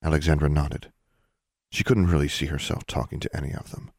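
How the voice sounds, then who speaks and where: A man calmly narrating an audiobook. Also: extremely low pitch, fairly quick, no room sound, clean studio sound. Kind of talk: scripted narration.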